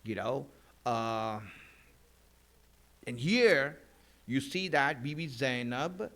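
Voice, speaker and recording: A man's voice: medium pitch, animated, drawn-out words, pauses often, a bit bright. A man delivering a mourning sermon in a conversational way, with many fillers and restarts, at a mosque. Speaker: religious speaker. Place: mosque hall.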